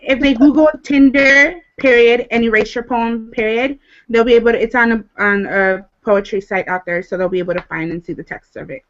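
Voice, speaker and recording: A woman's voice: on the high side, a little fast, muffled recording. A woman poet talking casually on a livestream, telling a story frankly and swearing freely. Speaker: poet guest.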